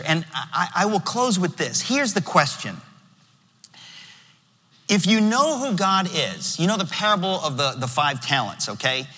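Male preacher, high and fervent, emphatic delivery, recorded in a reverberant church hall. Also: sharp tone. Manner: fervent, emphatic, repeats phrases. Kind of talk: sermon and closing prayer.

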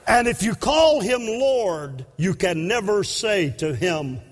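A man preaching a sermon at an evening service, impassioned and breaking into shouts for emphasis. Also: sits high, lively intonation, slow. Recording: long hall reverb.

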